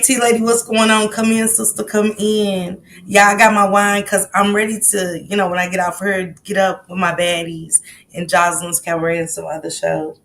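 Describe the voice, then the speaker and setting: A woman's voice: medium pitch, vocal fry, fairly bright tone, slight background noise. A woman hosting a casual livestream, chatting easily and greeting her viewers one by one by name. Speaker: livestream host.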